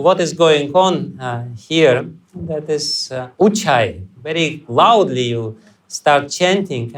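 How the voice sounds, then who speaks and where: Male spiritual teacher, unhurried delivery, slightly raised pitch, lively storytelling lecture. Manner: animated, acts out scenes and chants. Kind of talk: lecture on scripture. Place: temple hall.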